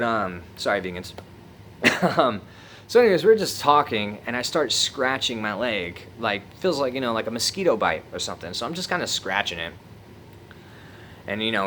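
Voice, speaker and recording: A man's voice: fairly low pitch, pushed and bright, slight background noise. A young man casually telling a story on his vlog, laid-back and heavy on swearing, laughing at himself as he goes. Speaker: vlogger.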